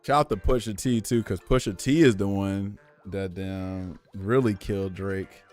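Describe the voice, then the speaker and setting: A man's voice: low-pitched, a little slow, faint music behind. A young man streaming from home, ranting in casual slang and addressing his chat directly. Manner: animated, opinionated, slangy, talks to chat.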